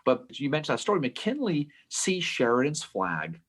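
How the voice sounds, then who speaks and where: Guy on a history podcast, voice jumps all over, kinda husky, swears a lot. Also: fairly high pitch. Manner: animated storytelling, swearing, quick asides. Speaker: podcast co-host. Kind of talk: casual history chat.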